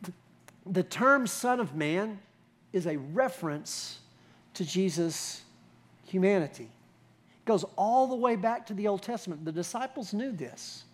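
A man's voice: sits high, animated, measured pace, pauses often. A man preaching a sermon as pastor, talking in a conversational way with rhetorical questions and emphatic builds.

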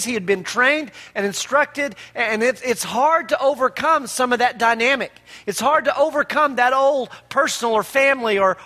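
A man's voice: extremely high pitch, bright, forceful tone. A man preaching a sermon in a conversational way, asking the listeners questions and answering them himself. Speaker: pastor. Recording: long hall reverb.

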